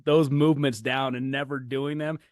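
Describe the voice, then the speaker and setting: Male host, relaxed and casual, mid-range voice, dry close sound. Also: medium pitch, moderate pace, no room sound. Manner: relaxed, affirming, swears casually. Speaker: podcast host. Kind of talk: casual chat.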